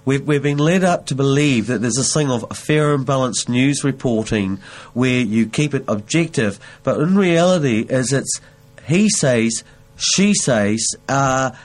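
A man's voice: mid-range voice, animated, a little slow. A man, an investigative journalist, explaining his views earnestly in a conversation. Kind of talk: conversational interview.

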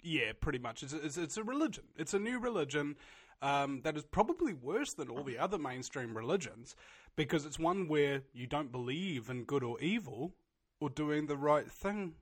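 A man's voice: a little high, lively intonation, normal speed, slightly rough. A man with a New Zealand accent in casual conversation, blunt and opinionated, often restarting his sentences.

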